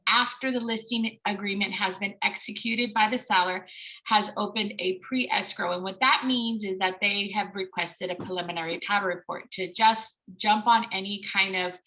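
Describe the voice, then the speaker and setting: A woman presenting an online training session, talking fast and eagerly with frequent ums. Her voice is bright and forceful, and the webinar audio sounds a little dull and lo-fi. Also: medium pitch. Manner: fast, excited talk with many fillers. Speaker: escrow and title presenter.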